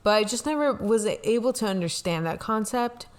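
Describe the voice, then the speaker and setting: A woman's voice: fairly high pitch, animated, moderate pace. Young woman, talk-show co-host, casual confessional chat, rambling storyteller. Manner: rambling storytelling with many "like" and "you know" fillers. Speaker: podcast co-host, pastor's kid.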